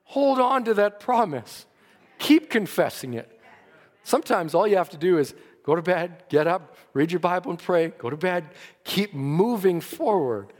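High pitched guy preaching, earnest, ups and downs in emphasis, echoey hall. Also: animated, unhurried. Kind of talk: sermon.

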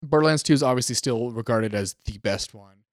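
A man, co-hosting a casual gaming podcast and retelling events in an animated way. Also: mid-range voice, fairly quick, no room sound, studio quality. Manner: animated storyteller, acts out quotes. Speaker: podcast co-host.

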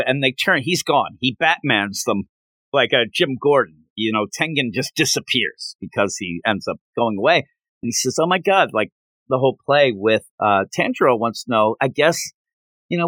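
A man's voice: fairly high pitch, sing-song, normal speed, sharp tone, no echo. A man co-hosting a podcast, recapping a manga chapter in casual chat and acting out the characters' lines. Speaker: podcast co-host.

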